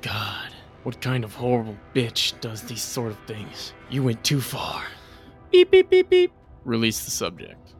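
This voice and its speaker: A man's voice: mid-range voice, steady tone, a little slow, a bit bright, soft background music. A man playing a tabletop game, joking and stammering as he chats. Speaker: player. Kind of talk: casual tabletop play.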